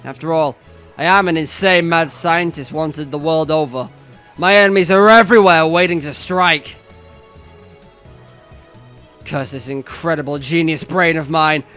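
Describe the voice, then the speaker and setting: A man's voice: on the high side, a little slow, pushed and bright, soft background music. A man reading the lines of a grandiose young self-styled mad scientist, pompous and theatrical. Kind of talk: reading a visual novel aloud.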